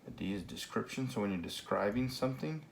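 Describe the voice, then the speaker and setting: Man, low voice, spanish teacher, whiteboard lesson, relaxed, lots of fillers, faint background hiss. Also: fairly quick, vocal fry. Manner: relaxed, many fillers and okays.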